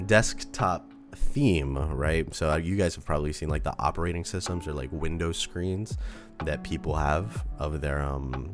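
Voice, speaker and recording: A man chatting casually on a journaling livestream, relaxed and rambling, thanking viewers as he goes. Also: extremely low pitch, moderate pace. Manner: relaxed, rambling, reads out chat. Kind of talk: casual stream chat. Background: lofi music.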